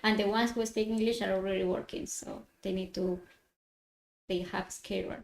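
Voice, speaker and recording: A woman's voice: mid-range voice, steady tone, moderate pace, vocal fry, slight background noise. Woman, echoey room. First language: Spanish. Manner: brief replies in simple, non-native English. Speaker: co-host. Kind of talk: casual live chat.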